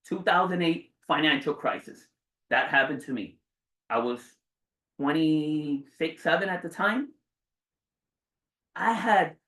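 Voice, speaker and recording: A man in his forties giving a motivational speech to a live audience, dramatic and swearing, jumping between loud bursts and hushed low lines. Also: recorded from a distance. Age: 40s. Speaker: motivational speaker. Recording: roomy sound from away from the mic.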